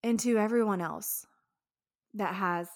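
A woman's voice: medium pitch, measured pace, dry recording, studio quality. A woman hosting a solo podcast, talking in a candid, heartfelt way with frank swearing. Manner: emotional, speaks of tears. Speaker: podcast host.

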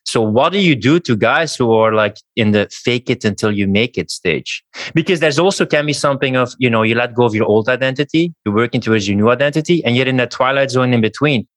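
A man hosting a podcast who asks questions and reflects in a measured, thoughtful way. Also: mid-range voice, no echo. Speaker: podcast host. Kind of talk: casual podcast conversation. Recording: dry, close sound.

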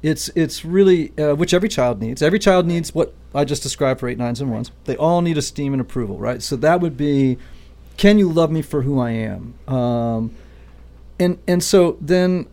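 A man with a gravelly edge to his voice walks through his ideas step by step, like a patient teacher. He keeps pausing to check that his guest is following along. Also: on the high side, dark tone. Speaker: podcast host and Enneagram teacher. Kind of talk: explanatory interview talk.

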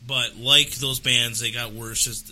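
A man's voice: medium pitch, steady tone, unhurried, sharp tone, low-quality recording. A man giving his opinions as a co-host on a casual panel podcast, hesitant and full of fillers.

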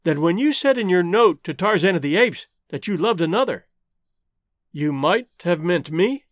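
A man's voice: sits high, lively intonation, normal speed, no room sound, studio quality. A man reading an audiobook, voicing a strong, proud jungle man who speaks firmly and directly. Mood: intense. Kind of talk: audiobook character voice.

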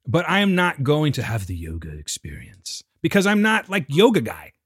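A man's voice: a little high, wildly swooping pitch, moderate pace, fairly bright tone, slightly rough, dry recording, studio quality. A man chatting casually, playfully arguing back and defending himself. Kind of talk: casual chat.

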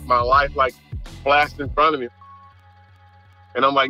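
A young man from Mississippi, an athlete telling an animated story in an interview. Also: medium pitch, a little slow, long pauses, no room sound, dull audio, soft background music. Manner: animated storyteller, quotes people in lively voices, laughs along. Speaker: baseball player.

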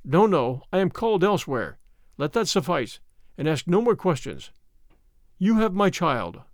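A man's voice: on the high side, very animated, normal speed, no echo, clean studio sound. A man voicing a secretive male hunter who fled his lord, speaking in a terse, commanding way in a story reading.

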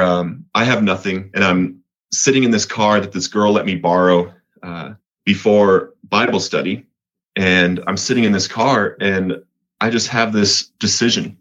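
A man's voice: deep voice, a bit bright, highs cut off. A man from Colorado, earnest and repetitive, telling his story of getting clean as an interview guest. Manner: earnest, repeats words, voice rises when reliving moments. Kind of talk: personal testimony in an interview.

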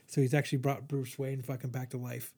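A man's voice: medium pitch, level tone, fairly quick, a little mellow, slightly rough. A young man in casual chat, hosting a podcast and retelling a comic issue in a rambling, profane way full of fillers. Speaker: podcast host reviewing comics.

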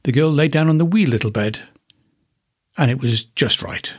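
A man, a podcast host, narrating a children's storybook in an expressive, unhurried way. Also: medium pitch.

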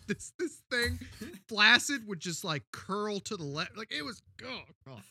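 A young man co-hosting a podcast, telling crude stories in a profane, animated way. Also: high-pitched, a little slow, gravelly, slight background noise. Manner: profane, animated, laughing storyteller. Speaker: podcast co-host. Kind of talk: casual crude storytelling.

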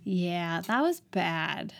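A woman's voice: lowish voice, big pitch swings, very slow, creaky. A woman co-hosting a casual movie chat, sarcastic and exasperated. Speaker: podcast co-host reviewing a movie.

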